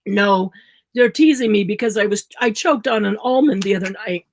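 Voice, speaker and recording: A woman chatting casually with her co-host during a craft session, lively and quick to laugh. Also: mid-range voice, low-quality recording. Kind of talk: casual chat while crafting.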